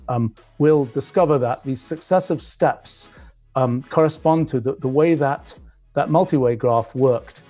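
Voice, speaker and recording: A man's voice: medium pitch, a little mellow. A man with a British accent giving a technical physics lecture, thinking aloud with frequent restarts as he explains.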